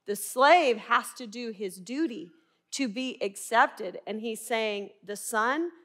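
Taking her time, a middle-aged Arkansas woman speaks in a fairly bright voice that sits on the high side. Her Southern American twang shapes her earnest, emphatic Bible lessons, in which she frequently asks rhetorical questions.

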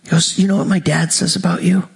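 A male preacher with a high voice delivers a sermon. He tells the story with animated energy, slipping into the voices of its people and laughing often. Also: fast talker, gravelly, slightly rough.

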